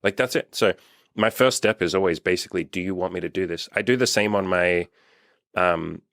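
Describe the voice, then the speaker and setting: Low-voiced man, blunt and sweary. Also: fairly quick, creaky, a bit bright, no echo, clean studio sound. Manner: blunt, swears freely, acts out quotes in a raised voice. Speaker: dating coach and channel host. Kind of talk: casual podcast chat.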